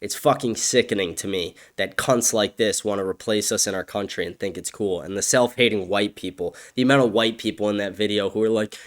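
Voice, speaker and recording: A young man hosting a solo podcast, ranting angrily and profanely, his voice swinging from raised outbursts to low muttering. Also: fairly quick, few pauses. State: agitated. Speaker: podcast host. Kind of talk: solo opinion rant.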